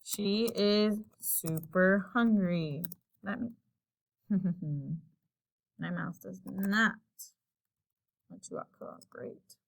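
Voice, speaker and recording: A woman teacher giving a recorded lesson, explaining slowly and patiently and thinking aloud while she types. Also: mid-range voice, creaky.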